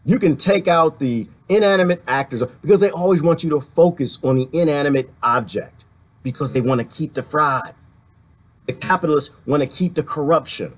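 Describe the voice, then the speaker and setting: A man's voice: on the high side, moderate pace. A man from the Washington, D.C. area, ranting sarcastically in a livestream while reading viewer comments, laughing often between points.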